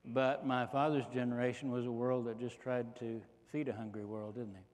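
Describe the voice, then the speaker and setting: A man in his fifties speaks at a conference keynote, folksy and joking, and keeps throwing rhetorical questions at the crowd. His voice sits at an ordinary middle pitch. A long reverb trails off every phrase in the large hall. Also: flat delivery, moderate pace, few pauses. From Texas. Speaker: economist giving a keynote talk.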